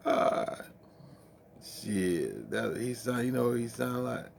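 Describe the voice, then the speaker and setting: A man's voice: medium pitch, sing-song, takes it slowly, vocal fry, a little hiss or hum. A man hosting a late-night music stream, rambling in profane, laughing, casual chat between songs.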